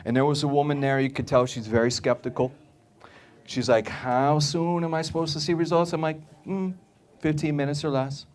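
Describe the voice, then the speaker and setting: A man's voice: on the high side, fairly even intonation, normal speed, darkish tone. A man giving a live sales talk to an audience about supplements, emphatic and repetitive, often checking in with "okay?" and acting out customers' reactions in his stories. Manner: emphatic, repeats points, keeps asking "okay?"; acts out customers' voices in anecdotes. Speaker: supplement store speaker.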